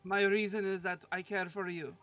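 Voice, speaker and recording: A man with a high, bright voice who speaks earnestly and stumbles as he plays his character. The sound is a little dull and lo-fi, and faint music plays behind him. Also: little pitch movement, moderate pace. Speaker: player. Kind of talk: casual tabletop role-play.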